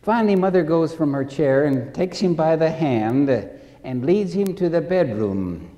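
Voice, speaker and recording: A man preaching a sermon with slow, deliberate delivery, repeating key phrases and acting out stories. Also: on the high side, expressive, warm tone, long reverb tail.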